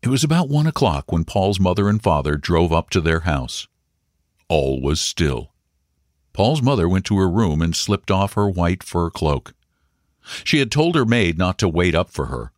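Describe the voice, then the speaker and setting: A man narrating a story in a measured, dramatic way, slowing down for suspense. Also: deep voice, big pitch swings, no room sound, clean studio sound.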